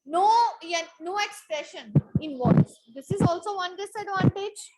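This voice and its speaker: A woman's voice: very high voice, unhurried, a little mellow, low-quality recording. A woman teacher giving a classroom lesson, reading from a text and explaining word meanings, repeating phrases and saying "okay" often.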